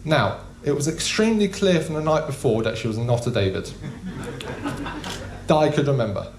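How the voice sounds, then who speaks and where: A young man doing a stand-up comedy set in a small club, deadpan and casual with frequent ums. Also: mid-range voice, normal speed, a crowd in the background. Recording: echoey room.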